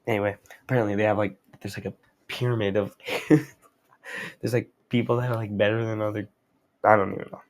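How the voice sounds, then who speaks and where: A man's voice: lowish voice, little pitch movement, a little fast, pauses often. A young man recapping a story in a rambling, slangy, casual manner. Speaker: host.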